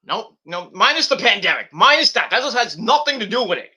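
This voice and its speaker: A young man hosting a wrestling review channel, ranting hotly and swearing as he goes. His voice sits high and rings very bright and edgy. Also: very animated, quick pace, breathy edge. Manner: profane, heated ranting.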